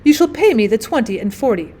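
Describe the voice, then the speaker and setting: A woman voicing a spiteful, greedy old washerwoman in a storybook reading, with a shrill, grave manner. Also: sing-song, normal speed, darkish tone.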